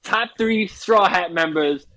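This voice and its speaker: A young man chatting on a podcast, excitable and laughing, swearing casually as he reacts. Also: high-pitched, takes it slowly, poor audio. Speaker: podcast co-host. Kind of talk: casual chat.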